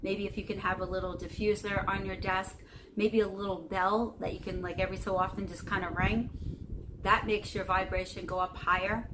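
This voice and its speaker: A woman's voice: medium pitch, level tone, fairly quick. Rambling woman vlogger, noisy background. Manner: rambling, many fillers, repeats "okay?" and "you know". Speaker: spiritual vlogger. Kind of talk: casual advice monologue to camera. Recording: noticeable background noise.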